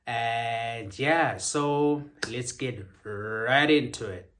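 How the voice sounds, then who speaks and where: A man's voice: mid-range voice, very slow, a bit bright, a little hiss or hum. A young man, chatting casually and upbeat to his vlog audience. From South Africa. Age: young adult. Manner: chatty, upbeat, frequent ums. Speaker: vlogger.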